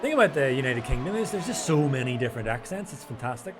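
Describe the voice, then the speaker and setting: A man's voice: medium pitch, very animated, quick pace, background noise. Joking older male race commentator. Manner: self-deprecating, jokey banter. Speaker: sim racing commentator. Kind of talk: casual live race commentary.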